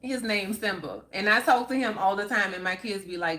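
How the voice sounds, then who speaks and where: Bright and forceful, her mid-range voice leads a casual live stream where she reads viewer comments aloud. The middle-aged host is chatty, laughs a lot, and takes her time with a drawn-out delivery.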